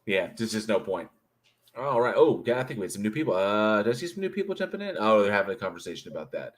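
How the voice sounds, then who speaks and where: A man's voice: fairly low pitch, sing-song, fast talker. A man co-hosting a casual livestream, bluntly answering viewer chat and swearing freely. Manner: reads viewer chat aloud, blunt and profane. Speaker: livestream co-host.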